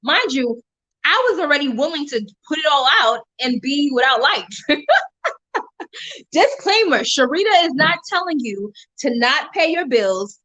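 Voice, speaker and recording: A woman giving an animated faith testimony to viewers on a live stream, speaking with preacher-like emphasis and frequent laughter. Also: sits high, a little slow, rough recording.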